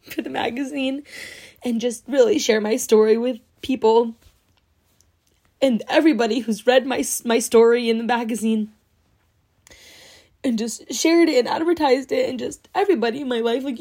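A young woman hosts her solo podcast while crying happy tears, her voice sitting a little high. She gushes thanks in rambling, heartfelt runs full of fillers and restarts. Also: dark tone. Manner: tearful, gushing, full of fillers. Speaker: podcast host. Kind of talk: emotional solo podcast talk.

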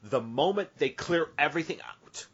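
A man's voice: a little high, animated, moderate pace, fairly bright tone, breathy edge. A man hosting a podcast, telling a playful made-up story full of asides and tangents. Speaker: podcast host. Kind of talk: casual podcast banter. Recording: dull lo-fi podcast audio.

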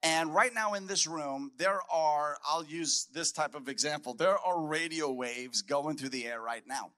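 Male preacher, bright, slightly high, emphatic delivery, conference sermon. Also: a little slow. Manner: emphatic, repeats key phrases. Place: conference hall.

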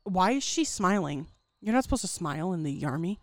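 Woman co-host, playful and swears freely, pitch leaps around, dry close sound. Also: lively intonation, fairly quick, no echo. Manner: teasing, jokey, profane. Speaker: co-host watching a show. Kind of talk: casual reaction chat.

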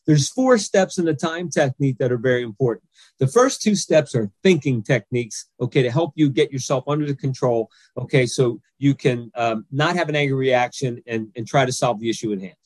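A man in a podcast interview lays out an anger control technique step by step, pausing often to ask "okay?". His voice is mid-pitched, recorded close and dry with no room sound. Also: a little mellow, dry recording. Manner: explains step by step, frequent "okay?" check-ins. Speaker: anger management coach and author.

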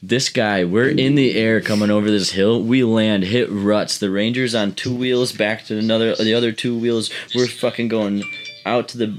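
Low-voiced man telling a rowdy story. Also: normal speed, hardly any pauses. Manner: rambling, profane, animated storytelling. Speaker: podcast co-host. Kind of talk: casual storytelling among friends.

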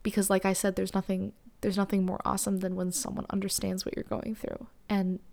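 Young woman telling a story on her podcast, gravelly, flat delivery, lots of "like", drops to whispers sometimes. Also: medium pitch, fairly quick, slight background noise. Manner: candid, breathy whispered asides, frequent "like" fillers. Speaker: podcast host. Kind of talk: personal storytelling.

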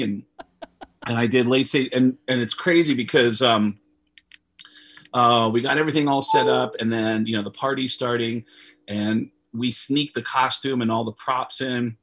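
Husky-voiced man telling a story. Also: mid-range voice, normal speed. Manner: profane, animated, laughs often, many fillers. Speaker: comedian guest. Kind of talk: casual storytelling. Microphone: video call.

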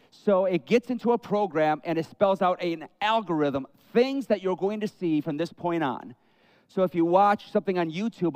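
Male pastor, high voice, expressive sermon delivery with acted-out quotes. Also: no echo. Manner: expressive preaching, acts out quoted prayers.

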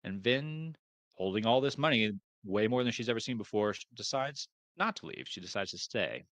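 A man's voice: fairly low pitch, lively intonation, moderate pace, a bit bright, dry recording. A man co-hosting a podcast, casually summarizing book chapters and hesitating over unfamiliar names. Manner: hesitant, restarts, unsure of names. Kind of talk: casual chat.

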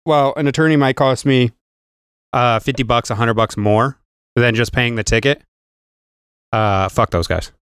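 A man co-hosting a casual podcast chat, rambling and cursing, with halting restarts. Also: medium pitch, a bit bright, smooth, no room sound, studio quality. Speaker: podcast co-host.

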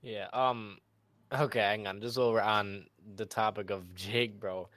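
A man's voice: fairly low pitch, unhurried, no room sound. A man chatting on a podcast, telling a laid-back story about playing games with friends. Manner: relaxed storyteller, mimics a friend yelling. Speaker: podcast co-host. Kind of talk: casual chat.

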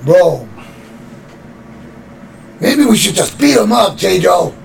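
Slowly and with a creaky, high-sitting voice, a man shares a casual story from his younger years on the street, swearing without restraint. He acts out others' words animatedly over slight background noise.

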